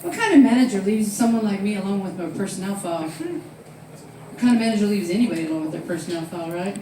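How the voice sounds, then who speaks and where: A woman performing a stand-up comedy set in a club, telling stories with loud acted-out quotes. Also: mid-range voice, expressive, quick pace, far from the mic, a little hiss or hum. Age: 60s. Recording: very echoey room, voice off-mic.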